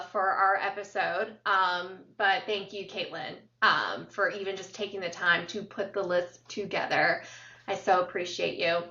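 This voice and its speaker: A woman co-hosting a podcast, chatting casually as an animated storyteller who fills her talk with ums and uhs. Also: medium pitch. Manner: animated storyteller, lots of fillers. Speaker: podcast co-host. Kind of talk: casual chat. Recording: roomy, distant, dull sound.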